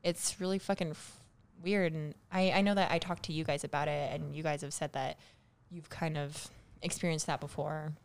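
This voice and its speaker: A woman's voice: low-pitched, steady tone, moderate pace. A young woman co-hosting a casual chat, talking candidly, swearing often and restarting her sentences. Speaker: podcast co-host.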